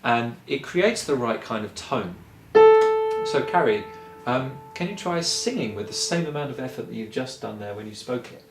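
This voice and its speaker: A man giving a singing lesson, explaining calmly and encouragingly, step by step. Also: medium pitch, normal speed, roomy sound, loud music behind the voice. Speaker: singing teacher. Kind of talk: vocal lesson.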